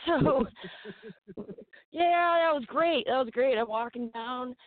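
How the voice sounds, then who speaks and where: A woman's voice: sits high, slow pace, dry recording. Woman guest, 30s, salty and giggly storyteller, dry tinny phone-line sound. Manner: profane, laughing, animated storyteller. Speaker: guest fighter. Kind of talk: casual podcast storytelling.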